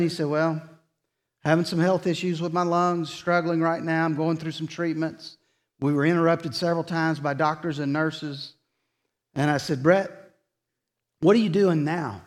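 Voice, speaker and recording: A man preaching a sermon, retelling conversations as quoted dialogue and dropping soft and slow for solemn points. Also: fairly high pitch. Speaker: pastor. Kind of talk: sermon storytelling.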